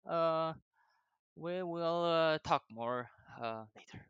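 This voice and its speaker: A young man with a bright, forceful voice rambles through a casual vlog, cursing nearly every sentence and laughing as he drifts from one tangent to the next. The sound is dry and close, with no room echo. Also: on the high side, slow pace, clean tone, highs cut off. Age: young adult. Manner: swears constantly, digressive, laughs often. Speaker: vlogger. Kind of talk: rambling personal monologue.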